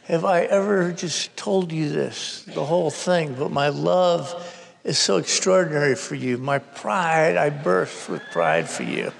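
A man's voice: fairly high pitch, expressive, measured pace, gravelly, in a large hall, exaggerated voice. A man voicing an old father gushing over his son in a joking, mock-sentimental way. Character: gruff old military father, joked tender.

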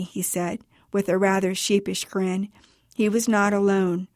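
A woman author reading her own personal account aloud for radio in a measured, even storytelling manner. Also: mid-range voice, no echo, studio quality.

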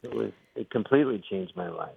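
A middle-aged male actor and comedian, appearing as a guest in a casual interview, tells stories animatedly and acts out the quotes. His voice is fairly low with vocal fry and a breathy edge, and he talks fast. The audio comes over a tinny, dry phone line with no echo.

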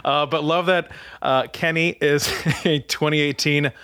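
A man from Maryland co-hosting a podcast in a radio studio, chatty and quick to laugh. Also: fairly high pitch, fairly even intonation, bright, forceful tone, smooth, no echo. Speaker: podcast co-host. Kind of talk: casual chat.

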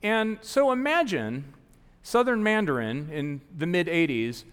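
A man in his forties from the American South telling a live story on stage in an animated, self-mocking way, acting out the people he quotes. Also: fairly high pitch, measured pace, clear, resonant tone. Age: 40s. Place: large theater stage before an audience. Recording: long theater hall reverb.

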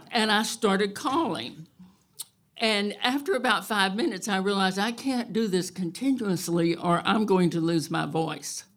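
A woman telling a true story on stage at a live event, wry and animated. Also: medium pitch. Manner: wry and animated, loud cattle calls.

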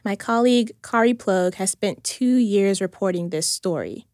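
A woman host giving steady, deliberate scripted narration. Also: mid-range voice, dry recording, studio quality. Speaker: podcast host.

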